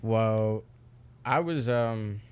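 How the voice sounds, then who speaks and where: A young man with a somewhat low voice talks as a podcast guest. His speech is loose and candid, full of filler and casual swearing. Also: drawn-out words, a little mellow, clean tone. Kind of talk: casual chat.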